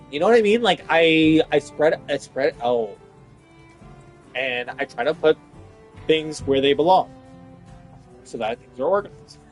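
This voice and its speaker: A man rants casually about his job, swearing freely and piling up fillers as his exasperation spills out. His voice sits somewhat high for a man. Faint music plays in the background. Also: expressive, measured pace, long pauses. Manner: profane, exasperated, rambling with many fillers. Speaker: vlogger venting about work. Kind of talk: casual rant.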